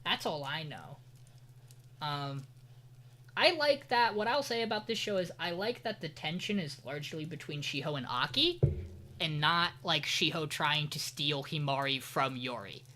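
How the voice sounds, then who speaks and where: A man's voice: on the high side, lively intonation, normal speed, sharp tone. A man co-hosting a podcast, recapping an anime in casual chat with rambling, profane, sarcastic asides. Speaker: podcast co-host.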